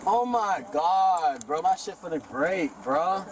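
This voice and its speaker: A man's voice: high-pitched, animated, slow pace. A panicked young man pleading and cursing at a roadside stop, picked up on a police body camera. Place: outdoors at a roadside traffic stop. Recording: bodycam audio with street noise.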